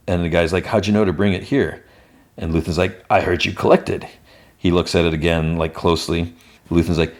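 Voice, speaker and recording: A man's voice: deep voice, darkish tone. A man hosting a podcast, casually retelling an episode with lots of filler words and quoted lines. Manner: rambling, many "like" fillers, reads out character lines. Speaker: podcast host.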